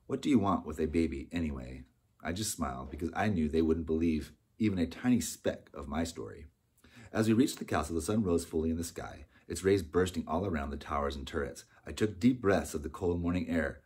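A man narrating a storybook in a steady, unhurried way. His voice is very deep and slightly husky. He reads with an even storytelling tone. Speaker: audiobook narrator. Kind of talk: scripted narration.

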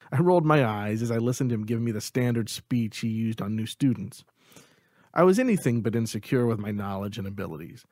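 A man narrates a novel in the first person, keeping a steady, even storytelling pace. His voice sits at a middling pitch. The recording is dry and close, with no room sound. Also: fairly quick, dry recording. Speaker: audiobook narrator.

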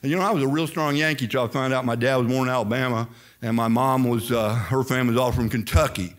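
Speaking fast in a mid-range voice, an older Indiana man preaches as a pastor with a faintly Southern-sounding American accent. The sermon is emphatic and lively, sprinkled with quoted asides.

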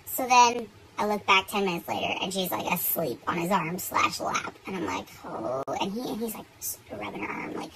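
A young woman telling a story in casual, animated chat, swearing freely and getting worked up. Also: high voice, slight background noise, low-quality recording. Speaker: beauty vlogger.

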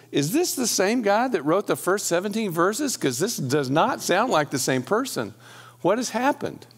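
A man preaching to a church congregation, reading scripture passages aloud and then stopping to explain them in a casual, conversational way. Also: fairly high pitch. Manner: conversational, with restarts and "okay?" asides to the congregation. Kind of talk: sermon.

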